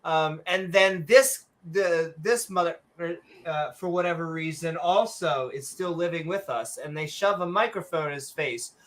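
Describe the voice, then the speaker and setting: A man's voice: fairly high pitch, moderate pace, hardly any pauses, fairly bright tone. A man co-hosting a skeptic podcast, ranting casually with profanity and frequent restarts. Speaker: podcast co-host. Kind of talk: casual reaction commentary.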